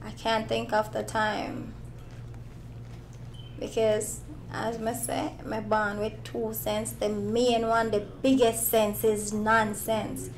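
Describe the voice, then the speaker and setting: A woman's voice: on the high side, flat delivery, slow pace, slight background noise. A woman comedian with a Jamaican accent, answering interview questions in a playful, joking way. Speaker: stand-up comedian.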